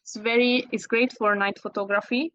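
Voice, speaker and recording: A woman from Italy speaking English with an Italian accent, a guest in an interview, talking in halting phrases with fillers and self-corrections. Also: fairly high pitch, fairly even intonation, a bit bright, no room sound, highs cut off. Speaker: guest landscape photographer. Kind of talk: casual interview.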